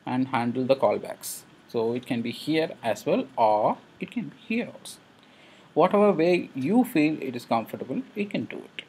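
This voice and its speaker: A man's voice: medium pitch, a little mellow, husky. A man explaining a coding tutorial as he works, thinking aloud with frequent hesitations. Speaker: programming instructor.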